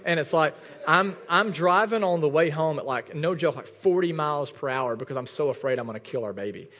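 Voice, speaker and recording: A man in his thirties preaching a sermon in a church, swinging from near shouts down to low, intimate asides. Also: fairly quick, in a large hall. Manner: impassioned, rising to near shouts then dropping low and intimate. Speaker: pastor. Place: church sanctuary.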